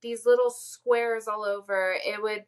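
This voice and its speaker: A woman's voice: medium pitch, fairly even intonation, measured pace, clear, resonant tone, rough recording. A woman co-hosting a casual podcast, chatty and recapping with lots of fillers. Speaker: podcast co-host.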